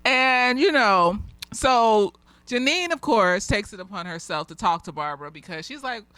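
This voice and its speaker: A woman's voice: medium pitch, expressive, normal speed, a bit bright, dry recording. A woman therapist giving a casual, candid episode review, swearing freely and laughing often. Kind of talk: casual tipsy review chat.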